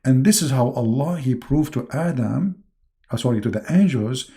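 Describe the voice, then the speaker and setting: A man with a gravelly, dark voice talks through a livestream in a mocking tone. He halts often, fills the gaps with fillers and keeps slipping into put-on voices. His pitch sits in the middle range for a man. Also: lively intonation. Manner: mocking, halting, with many fillers and sudden jumps into put-on voices. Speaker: online religious debater and host.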